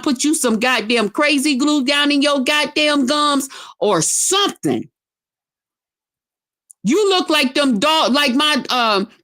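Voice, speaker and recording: A middle-aged woman vlogger in a loud, profane on-camera rant, taunting and emphatic. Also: sits high.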